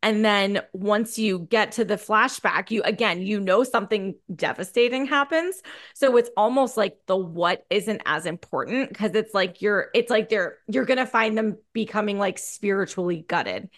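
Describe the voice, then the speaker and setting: A woman's voice: medium pitch, normal speed. A woman co-hosting a casual film talk, chatty and full of fillers and restarts. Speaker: podcast co-host.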